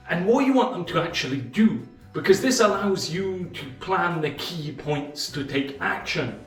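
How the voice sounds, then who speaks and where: A man with a slightly raised voice explains a book in a measured way, leaning on pauses and emphasis. He sits a little back from the mic in an echoey room. Soft music plays faintly behind him. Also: a little high, recorded from a distance. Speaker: channel host summarizing a book. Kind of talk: explanatory book-summary monologue.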